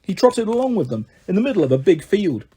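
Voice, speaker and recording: A man reading a children's novel aloud, lively and acting out the characters. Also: high-pitched, fast talker, husky. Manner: lively, acts out every character with shifting voices. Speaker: storyteller.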